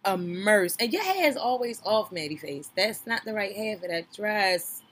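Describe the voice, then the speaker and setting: A young woman hosting a podcast, giving sassy, gossipy reaction commentary on a reality show, loud one moment and mumbling the next. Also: mid-range voice, moderate pace, very noisy. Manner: sassy, animated, gossipy, swings between loud outbursts and mumbling asides.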